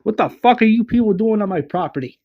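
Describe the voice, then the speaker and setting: A man's voice: sits high, lively intonation, fast, lo-fi sound, pitched above the performer's own voice. A man voicing a hostile male homeowner who swears at intruders, in a fan-fiction retelling. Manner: profane, aggressive.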